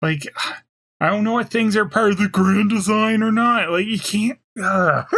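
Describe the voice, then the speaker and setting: A man's voice: sits high, unhurried, vocal fry, a bit bright. A man co-hosting a podcast in casual chat, dry and incredulous, laughing along. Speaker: podcast co-host.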